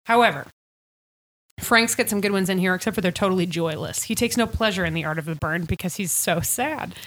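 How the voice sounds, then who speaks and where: A woman with a bright, crisp voice chatting casually as a podcast co-host. She giggles often and acts out the characters' lines as she recaps an episode. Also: fairly low pitch, fairly quick. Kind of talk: casual chat recapping a TV show.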